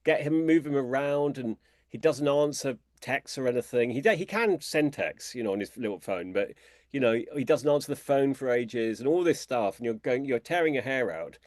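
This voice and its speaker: A British man, an author guest in an interview, who tells lively anecdotes and talks in a chatty, conversational way. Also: normal speed, dry recording, clean studio sound. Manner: animated storyteller, imitates people in a high voice.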